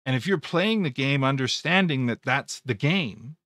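Walking viewers through stock charts on his live stream, this trading educator chats casually, rambles, repeats himself and jokes around. He has a medium-pitched, expressive, fairly bright voice at a moderate pace, captured dry and clean in a studio.

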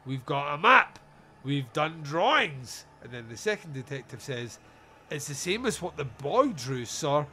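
Fairly high-pitched and husky, this podcast host talks a little slowly as he reviews a film on his casual comedic show. His animated retelling of scenes is peppered with sarcasm and swearing.

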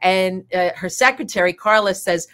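A woman's voice: mid-range voice, normal speed, a bit bright, smooth. A woman guest telling rambling, filler-heavy anecdotes with frequent laughter in a casual interview. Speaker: guest, drag king performer.

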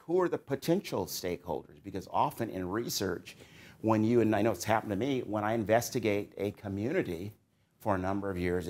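A middle-aged man, a psychology professor, giving a recorded lecture to doctoral students in a conversational, musing way, with swings of emphasis. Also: on the low side.

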